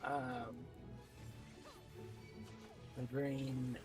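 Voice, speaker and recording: This game streamer talks extremely slowly in a medium-pitched voice with little pitch movement, rambling chattily with his co-player during casual play. Music plays in the background and the audio quality is poor.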